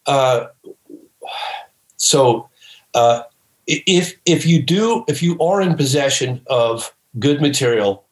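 A man who is a filmmaker guest on a podcast, telling stories emphatically and breaking into excited shouts. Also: mid-range voice, slow, long pauses, echoey room, low-quality recording. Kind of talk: animated storytelling in a podcast interview.

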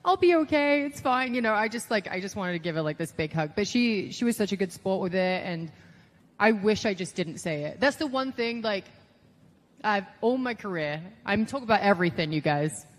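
A woman's voice: mid-range voice, a little fast, in a large hall. A woman guest telling stories in a casual interview, chatty, full of "like" and quoted voices. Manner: chatty, lots of "like", animated quoting of others.

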